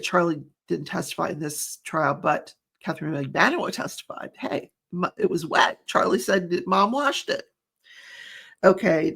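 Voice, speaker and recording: A woman's voice: mid-range voice, gravelly. A middle-aged woman recapping a trial in a chatty, rambling way, often laughing. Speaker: true crime commentator.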